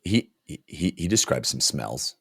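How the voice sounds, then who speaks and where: A podcast co-host with a gravelly bass voice speaks slowly in a sing-song way, with crowd noise behind him. In a casual book discussion he retells scenes enthusiastically, full of fillers and restarts.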